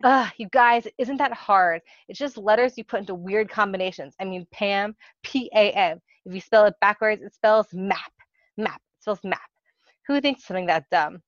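A woman's voice: mid-range voice, normal speed, dry recording, close to an everyday voice. A bumbling office boss who whines and huffs at his staff, put on by a woman reading aloud. The recording is dry and slightly muffled. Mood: exasperated. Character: bumbling self-important male office boss.

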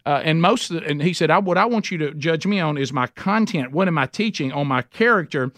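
A man's voice: fairly high pitch, animated, fairly quick, a bit bright, no room sound. A man teaching a men's Bible study, emphatic and conversational, often restarting his sentences.

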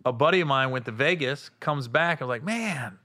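A man hosting a casual podcast chat, relaxed and acting out other people's voices in his stories. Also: mid-range voice, quick pace.

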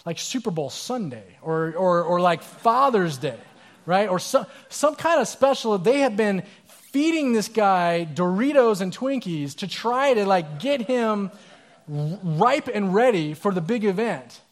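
A male pastor preaching a sermon in a casual, animated storytelling manner with asides. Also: high-pitched, unhurried.

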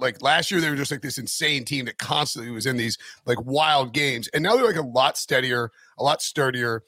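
A man's voice: medium pitch, pushed and bright, no echo. A man co-hosting a sports betting podcast, rambling and often breaking off mid-sentence. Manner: rambling, self-interrupting. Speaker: podcast co-host. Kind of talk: casual sports betting chat.

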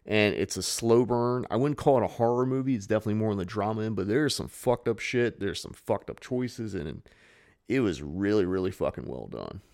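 A man's voice: lowish voice, expressive, a little fast, creaky, darkish tone. A man co-hosting a podcast in casual, rambling chat, swearing freely. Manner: loose, rambling, swears a lot. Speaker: podcast co-host.

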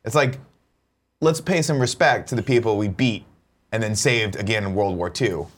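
Low-voiced man rambling casually. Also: normal speed. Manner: rambling, irreverent, swears freely. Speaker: show co-host. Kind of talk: casual chat.

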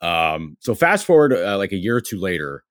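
Low-voiced man telling a rambling story. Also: very animated, moderate pace, no echo, studio quality. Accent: Western New York. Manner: rambling anecdotes, many fillers and acted-out quotes. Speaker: sports writer. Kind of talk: casual storytelling on a podcast.

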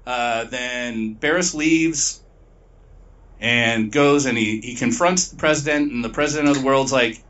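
A man co-hosting a podcast, casually recapping a novel's plot in a rambling, profane way and slipping into quick voices for the characters. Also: mid-range voice, fairly bright tone, distant mic, highs cut off. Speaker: podcast co-host.

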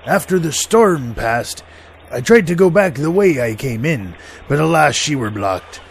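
A man's voice: on the high side, animated, unhurried, gravelly, slight background noise. A man hosting a podcast in a comic pirate character, with a mock pirate accent, laughing at his own jokes.

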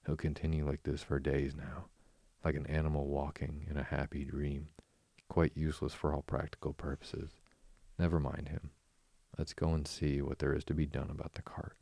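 A man's voice: very deep voice, monotone, normal speed, gravelly, no room sound, exaggerated voice. A man voicing a sensible, exasperated male water rat who speaks firmly and sharply. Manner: firm and sharp.

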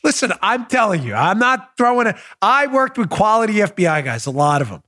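A man in his forties hosts a political commentary podcast in a very high, bright voice. He swings wildly up and down in pitch, breaking into incredulous exclamations and bursts of laughter. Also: sing-song, brisk. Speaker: podcast host.

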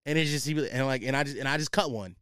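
A man's voice: medium pitch, racing, fairly bright tone, smooth, dry recording, studio quality. A young man hosting a casual solo podcast, telling a rambling, profane story about his job, full of slang. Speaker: podcast host.

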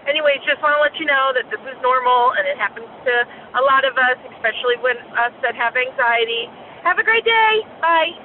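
A woman's voice: high voice, fairly quick. A woman caller leaving a rambling voicemail, talking in an anxious, confessional way. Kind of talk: voicemail message. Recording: tinny phone line with faint noise.

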